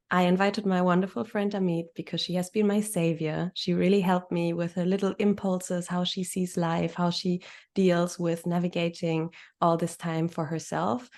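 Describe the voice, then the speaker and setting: A woman's voice: on the low side, darkish tone. A woman with a German accent hosting a coaching podcast, speaking earnestly and personally, with small restarts. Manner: earnest, personal, slightly halting. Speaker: podcast host. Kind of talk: podcast interview intro.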